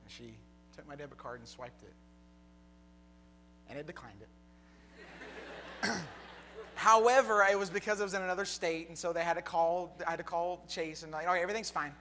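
A young man preaching a sermon, telling a personal story that builds to a fervent, shouted close. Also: fairly high pitch, normal speed, long pauses, slight background noise. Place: church hall with congregation.

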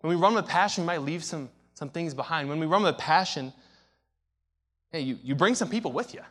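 A young man preaching a sermon, telling a story with big swings from hushed to shouting. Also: a little high, animated, fairly quick.

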